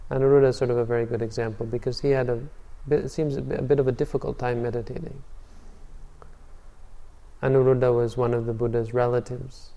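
A man leading meditation in a dharma talk tells stories calmly, using a mellow, dark, mid-range voice at a quick pace. He often repeats words or begins again, with a long hall reverb trailing off behind him.

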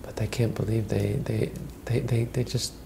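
A man's voice: lowish voice, little pitch movement, moderate pace, vocal fry, dark tone, slight background noise, rough recording. A man retelling a Buddhist story as a teacher, in a conversational way with frequent restarts.

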